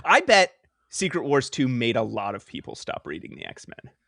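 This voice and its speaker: A man's voice: medium pitch, wildly swooping pitch, moderate pace, vocal fry, a bit bright, dry recording, clean studio sound. A man co-hosting a podcast in a playful, casual chat, laughing often. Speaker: podcast co-host.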